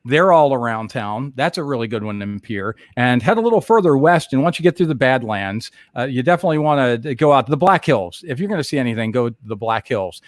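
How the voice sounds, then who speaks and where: A man's voice: medium pitch, animated, fast talker, few pauses, dry recording. A man chatting casually on a livestream, telling stories and giving travel tips with frequent laughter. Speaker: co-host.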